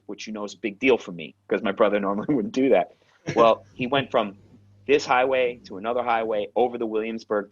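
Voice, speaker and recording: A man, an actor and acting coach, telling lively stories in a casual interview, acting out the voices and swearing freely. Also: fairly low pitch, no echo. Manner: animated storyteller, acts out quotes, swears freely. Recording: dull lo-fi sound.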